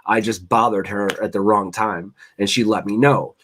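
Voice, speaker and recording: A man's voice: fairly low pitch, fairly even intonation, normal speed, a bit bright, a little hiss or hum. A man, a chef hosting a casual chat, rambling through loose stories with frequent restarts and swearing. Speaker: host, chef.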